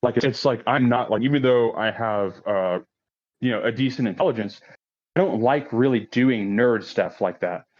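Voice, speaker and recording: A man's voice: mid-range voice, normal speed, a little mellow. Profane storytelling man, lo-fi podcast sound. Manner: profane, laughs often, acts out quotes in raised voice. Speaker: podcast guest. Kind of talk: casual storytelling. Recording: dull lo-fi podcast audio.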